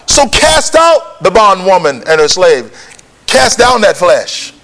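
A man's voice: high-pitched, big pitch swings, slow, a bit bright. A man preaching a sermon, prodding his listeners with questions and pushing them to answer back. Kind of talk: sermon with call and response.

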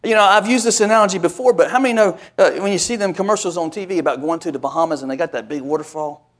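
A man's voice: high voice, rapid-fire. A male pastor preaching a sermon, speaking to his congregation and calling for responses. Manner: preaching with call-and-response asides.

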